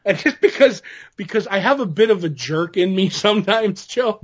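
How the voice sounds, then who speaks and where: A man's voice: high voice, lively intonation, moderate pace, slightly rough, dull audio. A man co-hosting a podcast in casual chat, rambling through stories with many fillers and restarts. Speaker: podcast co-host.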